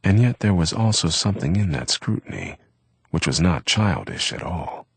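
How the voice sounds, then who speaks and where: A man reading a novel aloud as an audiobook narrator, with a measured, steady delivery. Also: deep voice, gravelly, slightly rough, no echo.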